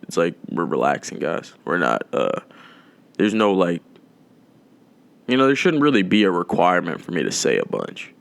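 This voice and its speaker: A young man hosting a podcast, talking in a loose, rambling way, swearing a lot and making dark jokes. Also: deep voice, sing-song, normal speed, vocal fry, long pauses. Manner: rambling, profane, darkly joking, drawn out. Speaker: podcast host. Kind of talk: casual rambling monologue.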